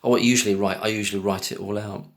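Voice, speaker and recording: A man's voice: on the low side, steady tone, racing. A man giving casual, scornful commentary on a podcast clip, cutting in with pointed questions. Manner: scornful, talks over clips with pointed questions.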